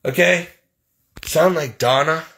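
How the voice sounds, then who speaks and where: A man's voice: fairly high pitch, slow pace, fairly bright tone, slight background noise. A man who works as a caregiver, venting emotionally about his situation in a heated, aggrieved, religious way. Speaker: professional caregiver. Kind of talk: emotional personal vent.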